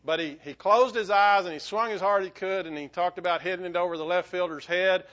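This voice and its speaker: A man's voice: high-pitched, fast talker, fairly bright tone, highs cut off. A man preaching a sermon, telling a story in a rambling way full of restarts and fillers. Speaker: pastor.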